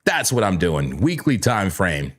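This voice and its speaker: A man hosting a live crypto trading stream from a home trading room full of screens, jokey and animated, talking to himself as he works. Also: low-pitched, unhurried. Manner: animated, jokey, talks to himself and yells playfully. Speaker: crypto trading livestream host. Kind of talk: live chart analysis chat.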